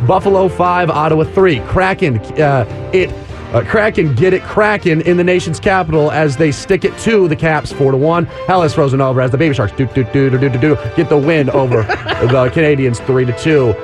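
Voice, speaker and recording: A man's voice: fairly high pitch, over music. A man hosting a sports radio show, reeling off scores with puns and laughing at his own jokes. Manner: punny rapid-fire score rundown with laughs. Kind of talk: hyped sports radio banter.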